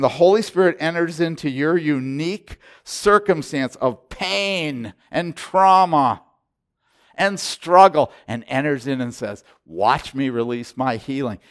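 An older male pastor in his sixties delivers a sermon with real passion. His voice sits fairly high for a man, and it surges into loud exhortation before dropping into hushed, intense asides.

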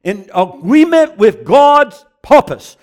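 A man's voice: very high-pitched, very animated, takes it slowly, voice pushed up, full character voice. A man voicing a fervent male preacher from Singapore who speaks broken English and repeats himself for emphasis. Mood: insistent prophetic.

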